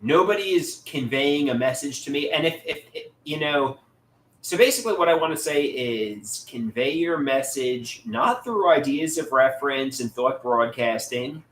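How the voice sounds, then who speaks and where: A man talking live to viewers in a lively, up-and-down voice, stumbling over his words and repeating himself as he answers the chat. The room rings with a noticeable echo, and a faint noise sits underneath. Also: medium pitch. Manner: halting, repeats words and restarts often. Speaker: livestream host reading chat.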